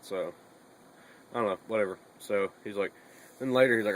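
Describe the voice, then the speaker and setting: A man's voice: on the low side, fairly quick, a little hiss or hum, rough recording. A young man chatting casually in a bedroom vlog, rambling and swearing a lot between fillers. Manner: rambling and profane, with many fillers.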